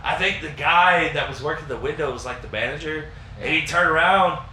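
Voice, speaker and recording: A man with a bright, forceful voice tells a rowdy story on a podcast, swearing freely and acting out the other people's lines. His voice sits a little high for a man. The room is echoey and has a faint hum behind it. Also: brisk. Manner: profane, animated storyteller, acts out quotes. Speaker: podcast co-host. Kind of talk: casual chat, storytelling.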